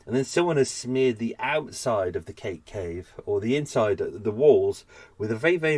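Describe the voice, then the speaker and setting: A man with a medium-pitched, darkish voice speaks expressively at a moderate pace as an unscripted podcast host on his boat. He's tired and a bit out of breath, and his talk is rambling, chatty, and self-deprecating.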